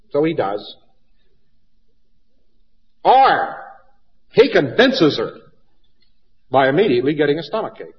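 A man's voice: a little high, big pitch swings, slow, long pauses. A man giving a lecture in an emphatic, folksy way and acting out little anecdotes. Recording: dull lo-fi recording in a reverberant hall.

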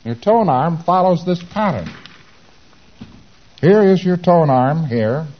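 A man giving a lecture, acting out exchanges with quick mumbled asides. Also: fairly high pitch, lively intonation, dull audio. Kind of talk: recorded lecture.

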